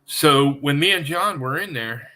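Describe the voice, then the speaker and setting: A man hosting a podcast, asking questions and telling his own story in a relaxed, conversational way. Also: fairly high pitch, a little slow. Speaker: podcast host. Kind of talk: casual podcast chat.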